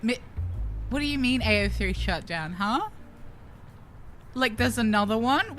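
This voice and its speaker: A young woman streaming a visual novel, giggly, excitable and swearing freely as she reacts. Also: on the high side, unhurried, long pauses, music in the background. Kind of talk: let's-play commentary.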